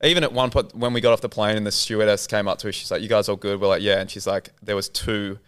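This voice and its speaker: A man telling a story in relaxed chat, exclaiming in slang. His voice sits a little low and sounds smooth and resonant. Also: fast talker. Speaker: documentary filmmaker guest. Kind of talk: casual storytelling.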